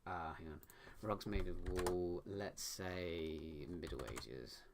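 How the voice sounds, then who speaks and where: A man's voice: deep voice, takes it slowly, noisy background. A man writing a story live, muttering and correcting himself as he reads his sentences aloud. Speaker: author writing a book live. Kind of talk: thinking aloud while drafting prose. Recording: loud keyboard typing throughout. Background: keyboard clicks and typing.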